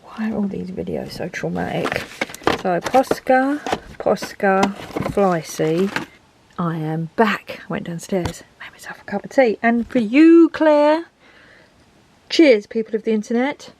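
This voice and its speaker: There's noise in the background as this woman, speaking in a mid-range voice with vocal fry, vlogs from her home craft room. Animated but in no rush, she rambles and thinks aloud, talking to herself as she goes through her things.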